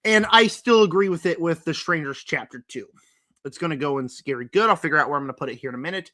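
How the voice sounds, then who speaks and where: Chatty young man, bright rambling voice. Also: a little high, expressive, fast. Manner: rambling, filler-heavy, emphatic. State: voice cracking, throat-clearing. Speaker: horror movie reviewer. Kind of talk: casual vlog commentary.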